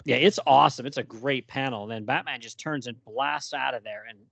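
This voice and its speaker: A man's voice: medium pitch, fairly quick, creaky, a bit bright, dry recording. A man hosting a casual chat about comic books, often laughing and acting out the lines he quotes. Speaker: podcast host.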